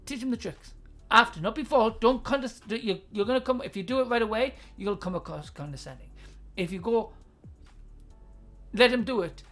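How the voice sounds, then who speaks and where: Her voice sits a little high with a fairly bright tone. Hosting an advice livestream, she's blunt and swears freely, laughs a lot, and reads out what viewers post in chat.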